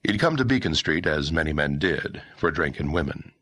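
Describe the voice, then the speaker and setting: A man narrating a historical novel audiobook in a measured, expressive storytelling manner. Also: a bass voice, no room sound. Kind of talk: scripted narration.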